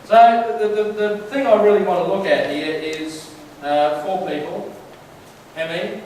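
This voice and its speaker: A fairly high-voiced man preaches in a relaxed, storytelling way, firing questions at the congregation. His voice rings around a large, very echoey hall, heard from a distance with a faint hum of room noise. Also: a little slow. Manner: chatty, storytelling, asks the crowd questions. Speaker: church speaker. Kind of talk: conversational sermon. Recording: very echoey hall, mic far off.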